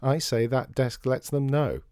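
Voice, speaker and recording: A man's voice: medium pitch, a little slow, a little mellow, no echo, clean studio sound, natural voice. A man voicing a stubborn, proud father who insists on his point, in a storybook reading. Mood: insistent.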